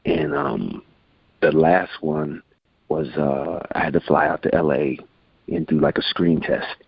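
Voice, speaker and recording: Man, 40s, interview guest; deep voice, animated raconteur, dull lo-fi recording. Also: measured pace, creaky, breathy edge, no echo. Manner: animated, acts out quotes in voices. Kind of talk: casual storytelling. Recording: dull lo-fi sound.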